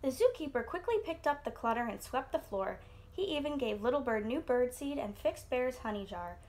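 Lively woman reading a storybook aloud. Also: normal speed. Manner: expressive, voices characters with lifted pitch. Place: home online class.

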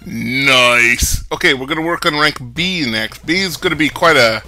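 A man's voice: a little high, animated, a little fast, bright, forceful tone, faint music behind, low-quality recording. A man hosting a let's play, giving casual game commentary with crude, rambling jokes. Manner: joking, crude, rambling asides.

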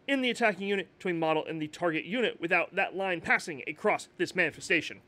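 A man co-hosting a casual tabletop gaming podcast, playful and excitable, reading out game rules. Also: high-pitched, fast talker. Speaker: podcast co-host.

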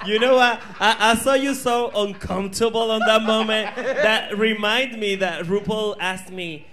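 A man's voice: sits high, unhurried, background noise. A man with a Puerto Rican accent, a drag performer co-hosting a bar viewing party, bantering with crude, laughing humor. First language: Spanish. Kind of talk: casual panel chat. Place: bar viewing party before a live crowd.

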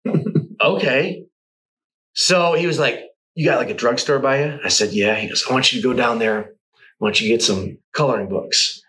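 A man's voice: mid-range voice, moderate pace, rough recording. Middle aged guy telling stories in an interview, laughs a lot, swears some. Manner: animated, swearing, laughing often while telling anecdotes. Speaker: guest artist. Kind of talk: casual storytelling interview.

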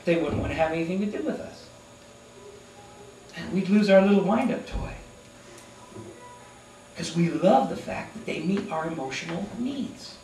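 High-pitched pastor guy preaching, lively, echoey room w faint hum. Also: recorded from a distance. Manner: animated, acts out characters in quick asides. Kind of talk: sermon. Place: church sanctuary.

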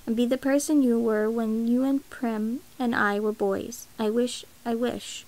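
A woman's voice: fairly high pitch, fairly even intonation, unhurried, a little mellow, lightly acted. A woman reading the lines of an earnest, troubled young prince who speaks frankly. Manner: earnest and direct.

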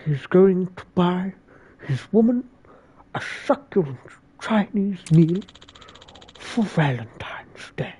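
A man voicing a hushed male nature documentary narrator, speaking low and almost whispering. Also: expressive, takes it slowly, long pauses, breathy edge, heavily acted. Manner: low, near-whispered commentary.

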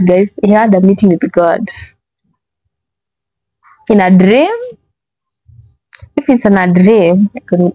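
A woman's voice: medium pitch, warm tone. A woman reacts to online clips in loose, exasperated commentary, swearing and repeating herself as she goes. Her voice sits in a middle register. The sound is dry, with no room echo. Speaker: reaction video host.

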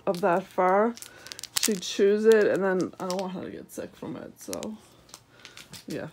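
A young woman vlogging an unboxing at home, just woken up and yawning, cooing at her dog in high baby talk between sleepy asides. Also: a little mellow, a little hiss or hum. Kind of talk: casual unboxing vlog.

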